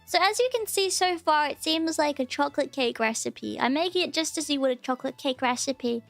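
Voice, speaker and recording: High-voiced woman streamer chatting playfully. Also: a little fast, faint music behind. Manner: playful, mock-scolding chat with sudden squeaky outbursts. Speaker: VTuber streamer. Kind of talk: casual stream chat.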